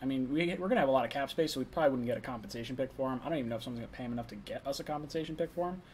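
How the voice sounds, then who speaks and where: A man's voice: mid-range voice, rapid-fire, darkish tone, slight background noise. A young man hosting a casual live stream, chatting loosely, reading chat messages and talking while eating.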